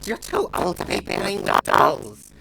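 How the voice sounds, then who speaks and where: A man voicing a hulking, disgusted monster villain with a sneering way of talking, over loud music. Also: high-pitched, unhurried, gravelly, a little hiss or hum, pitched above the performer's own voice, heavily acted, rough recording. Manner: sneering, then flat monotone.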